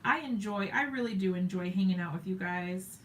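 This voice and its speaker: A woman's voice: medium pitch, brisk, a little hiss or hum. A woman hosting a live crafting stream, chatting with viewers and thinking aloud as she works, often joking at her own expense. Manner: talks to viewers while working, thinks aloud, self-mocking.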